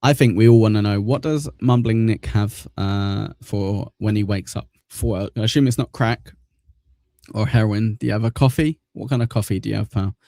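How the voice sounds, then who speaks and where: A man with a lowish, creaky, mellow voice speaks at a moderate pace, recorded with studio quality and no room sound. He hosts a casual livestream news show, chatting and joking while reading viewer comments aloud and tossing in crude insults. He talks into a desk mic set in front of a green screen.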